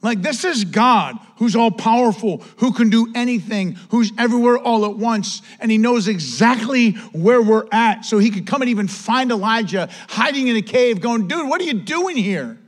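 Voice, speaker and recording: A man preaching from the pulpit in a notably high voice. He hammers repeated lines at the church and sometimes sinks into a quiet, hushed tone to make his point. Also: normal speed, few pauses. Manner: emphatic, repetitive preaching, drops to a soft hush. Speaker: pastor. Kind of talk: sermon.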